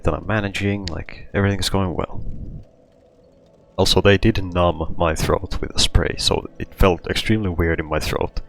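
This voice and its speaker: A man's voice: low-pitched, creaky, a bit bright. A man hosting his own show, telling a personal story in a rambling, casual way, full of "like" and restarts. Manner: rambling, heavy use of "like", frequent restarts. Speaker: podcast host.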